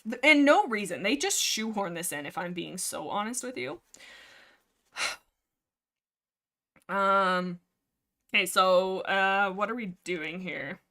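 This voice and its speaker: A young woman hosting a livestream, chatting in a rambling, casual way about a book series, full of fillers, restarts and quick acted quotes. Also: medium pitch, pushed and bright. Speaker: livestream host.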